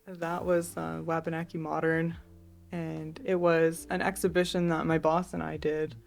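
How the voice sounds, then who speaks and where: A young woman speaks as a podcast guest in a low, gravelly voice with flat, even intonation. She tells her stories casually and keeps slipping in "like". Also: normal speed. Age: young adult. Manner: chatty, relaxed storytelling with many "like"s. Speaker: artist and guest. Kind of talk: casual interview storytelling.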